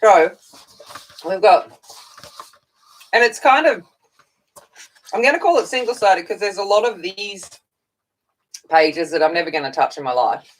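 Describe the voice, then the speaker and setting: A woman's voice: on the low side, poor audio. A woman hosting a casual livestream from home, tired and chatty, greeting viewers by name and talking while she eats. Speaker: coloring channel host.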